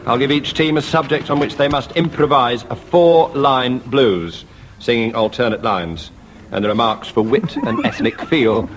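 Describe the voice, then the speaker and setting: Man hosting a 1970s radio panel game, deadpan, dry irony, mid-pitched, faint hiss. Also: normal speed. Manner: dry, deadpan, lightly ironic. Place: radio studio before an audience.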